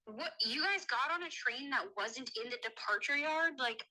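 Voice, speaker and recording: A woman with a bright, crisp voice chats casually as host. Her interjections are knowing and teasing, and she asks pointed follow-up questions. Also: sits high, animated, moderate pace, rough recording. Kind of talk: casual chat.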